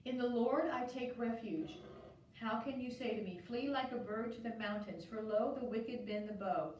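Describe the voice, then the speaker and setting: A woman with a fairly high voice reads scripture aloud in a steady, measured way, rising on each call to God. She sits far from the mic in a very echoey church, with a faint hiss underneath. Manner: steady, measured reading, lifting the voice on calls to God. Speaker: scripture reader.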